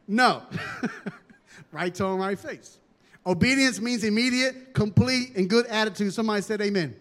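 A man preaching a sermon as pastor, animated and humorous, with dramatic emphasis. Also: high-pitched, normal speed, in a large hall.

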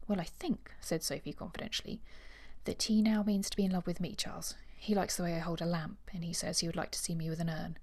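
Speaking quickly in a voice on the low side, this podcast co-host gives an expressive reading of a novel excerpt and acts out its dialogue. Then she shifts into relaxed conversation, quick to laugh.

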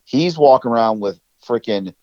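A man co-hosting a casual podcast, telling stories in an excitable, slangy way. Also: mid-range voice, moderate pace, no echo, highs cut off. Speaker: podcast co-host.

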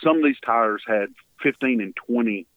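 On a radio interview, a man from Texas with a Texan accent tells his story earnestly at normal speed and medium pitch. He acts out what others said with emotion; the phone line sounds dry and tinny, without room sound.

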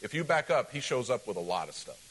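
A pastor preaching a sermon to his church, animated and direct, acting out quoted voices and calling questions to the congregation. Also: medium pitch, fast, a little hiss or hum, rough recording.

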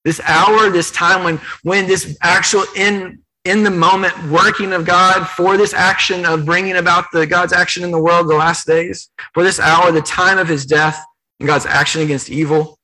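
A man's voice: high-pitched, flat delivery, moderate pace, bright, forceful tone, poor audio. A man preaching a sermon, earnest and emphatic, retelling scripture in his own words with repetition. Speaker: pastor.

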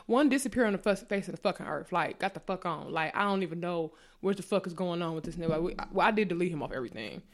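A woman's voice: fairly low pitch, quick pace, hardly any pauses. A woman co-hosting a casual chat, telling dating stories with lots of profanity and acting out the other people's lines. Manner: animated, profane, acts out quotes in a raised voice.

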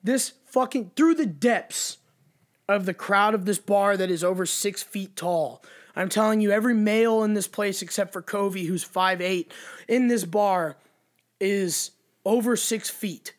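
A man with a notably high voice spins a story in a casual chat. He swears freely and leans hard on his words, animated and emphatic throughout. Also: unhurried.

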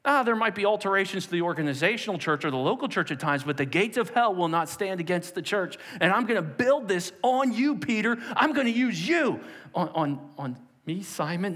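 Animated male pastor preaching in a hall. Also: high voice, brisk. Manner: animated, acting out quotes in a raised voice. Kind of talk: sermon. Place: church sanctuary, nearly empty.

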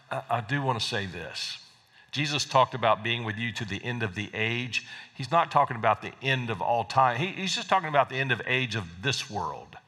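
A man's voice: medium pitch, sharp tone. A man preaching a sermon as pastor, talking conversationally and often repeating words as he goes. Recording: long reverb of a large hall.

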